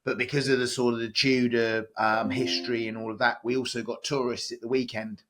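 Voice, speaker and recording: A man's voice: mid-range voice, little pitch movement, fairly quick, fairly bright tone. A man, a chef, chatting as a guest on a podcast, telling stories with many fillers and restarts. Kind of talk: casual podcast interview.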